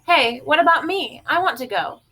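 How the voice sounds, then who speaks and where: A woman's voice: expressive, normal speed, bright, forceful tone. A woman voicing a curious little girl who pleads and protests. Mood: pleading. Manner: high, eager pleading.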